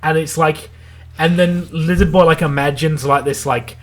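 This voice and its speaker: A man's voice: a little high, steady tone. A man co-hosting a casual review podcast, rambling through a plot recap full of "like" and acting out character lines. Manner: acts out character lines in quick voices. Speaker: podcast co-host. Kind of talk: casual anime review chat.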